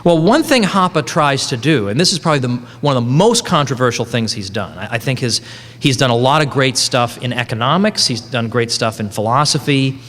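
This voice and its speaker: A man's voice: medium pitch, lively intonation, brisk, fairly bright tone. Man lecturing in a reverberant hall. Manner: conversational, joking, self-correcting. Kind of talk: conference lecture. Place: conference hall.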